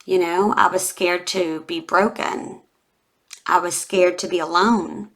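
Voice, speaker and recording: A woman in her forties, a tarot reader, speaks to the camera in a lowish, steady voice that's slightly bright, moving at a slow pace. It's an emotional tarot reading vlog, and she's heartfelt and confiding, close to tears, filling her talk with lots of "you know."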